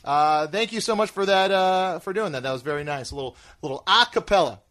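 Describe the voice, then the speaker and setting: Guy hosting his podcast, joking around, swears a lot, fairly high voice, dry close sound. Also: a little fast, fairly bright tone, no room sound. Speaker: host. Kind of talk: casual chat.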